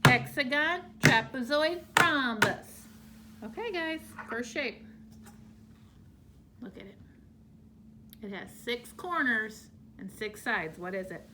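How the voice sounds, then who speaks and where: A woman teacher explaining shapes to young children, slow and exaggerated in her delivery. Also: a little high, very animated, heavy background noise. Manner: slow, drawn-out, exaggerated for small kids.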